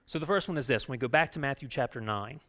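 A man preaching a sermon as pastor, talking conversationally and often checking in with "right?", moving between loud urging and quiet. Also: medium pitch, expressive, fast talker. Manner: conversational, keeps asking "right?".

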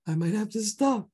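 A man teaching a live online drawing class, chatting casually and humming to himself as he sketches, his voice going and his throat clearing often. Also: sits high. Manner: casual, hums and talks to himself while sketching.

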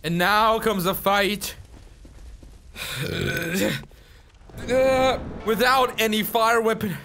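High-voiced young man yelling through pain. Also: unhurried, hardly any pauses, slight background noise. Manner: swearing, yelling and groaning in pain. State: pained from hot peppers, coughing. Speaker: gaming YouTuber. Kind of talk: gameplay commentary.

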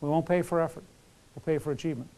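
A man's voice: fairly high pitch, steady tone, racing, mellow. A man lecturing a class in a conversational way, with many fillers and restarts. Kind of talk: college lecture.

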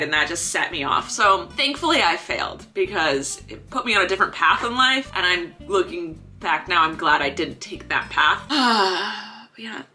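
A woman's voice: medium pitch, sharp tone. A young woman vlogging casually, telling a story with lots of laughter and acting out both sides of the conversation.

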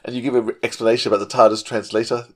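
Fast-talking enthusiastic male podcast host. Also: medium pitch, level tone. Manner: enthusiastic, full of praise. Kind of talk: casual interview chat.

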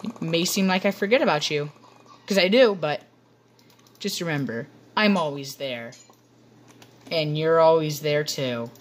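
A woman's voice: sits low, measured pace, pauses often. A woman giving playful, rambling commentary over gameplay to her viewers on a computer microphone. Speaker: gaming channel host.

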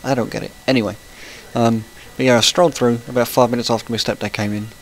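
A chatty man talks his way through a gaming session at a middle pitch. He rambles through stories and breaks off now and then to react to what happens in the game. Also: fairly even intonation, fast talker, slight background noise, low-quality recording. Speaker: gaming channel host. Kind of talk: casual let's-play commentary.

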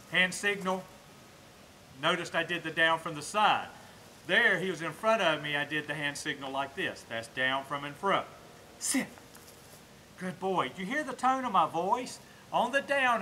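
A Southern US man with a high, bright, forceful voice teaches dog training outdoors. He explains each step to the camera, then snaps out short commands to the puppy, with a faint hum of outdoor ambience behind him.

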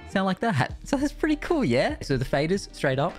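A young Australian man reviewing his streaming gear in a casual, excited way, swearing freely, on a studio mic in his streaming room. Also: high-pitched, moderate pace, faint music behind. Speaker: Twitch streamer. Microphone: studio dynamic mic.

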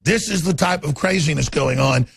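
A man's voice: on the high side, expressive, moderate pace, gravelly, a bit bright, husky, no echo. A man hosting a talk radio show, ranting in a fiery monologue. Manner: ranting, mocks opponents in put-on voices.

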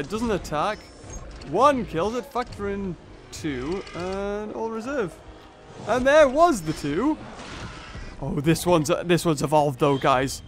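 A man's voice: a little high, a little hiss or hum. A young man commentating on a mobile game he is playing, thinking aloud through each move and exclaiming at big hits. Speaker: gaming channel host. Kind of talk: let's play commentary.

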